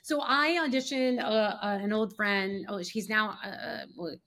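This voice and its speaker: A woman chats casually on a podcast, hopping from story to story. She leans on fillers and slips into quick impressions of other people as she talks. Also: mid-range voice, fairly bright tone. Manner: chatty storyteller, many fillers and acted quotes. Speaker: guest, actor and casting director.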